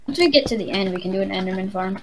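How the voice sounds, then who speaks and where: A woman chatting while she plays a game, her pitch sitting right in the middle of the range. She rambles and jokes easily with her co-player. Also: expressive, rapid-fire, crowd noise, low-quality recording. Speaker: let's play co-host. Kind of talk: casual gaming chat.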